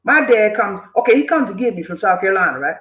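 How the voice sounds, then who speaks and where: An older man's high, fast voice carries casual, preachy life advice in his motivational vlog; he's from the southern United States. He repeats himself with animation and uses quoted voices, and the room echoes with dull lo-fi sound.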